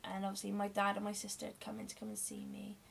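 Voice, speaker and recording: A woman's voice: medium pitch, monotone, quick pace, creaky, slight background noise. A young woman candidly telling a long personal story in a rambling, emotional way. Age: young adult. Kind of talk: casual storytelling vlog.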